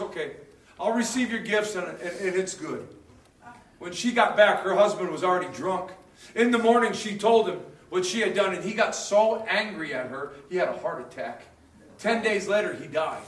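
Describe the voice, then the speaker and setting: A pastor preaching a sermon in a church hall, telling the story in an animated, emphatic way. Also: male voice, high-pitched, brisk. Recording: echoey hall, mic at a distance.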